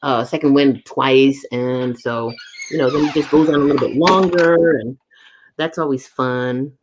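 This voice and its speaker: A woman co-hosting a casual podcast chat, making teasing, quick asides. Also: rumbling low, fairly even intonation, highs cut off, background noise. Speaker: podcast co-host.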